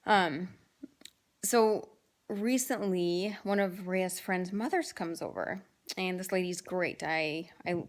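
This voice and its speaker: A woman's voice: fairly low pitch, fairly even intonation, measured pace. A woman in her thirties chatting casually to camera, telling amused family stories with lots of fillers and restarts. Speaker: vlogger telling home stories. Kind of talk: casual storytelling monologue.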